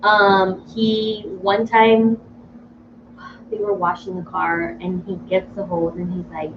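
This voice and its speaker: A woman's voice: medium pitch, flat delivery, slow pace. A woman in her thirties co-hosting a radio chat show, telling family stories with laughs and casual swearing. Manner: laughing storyteller, swears freely. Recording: muffled distant mic with faint hiss.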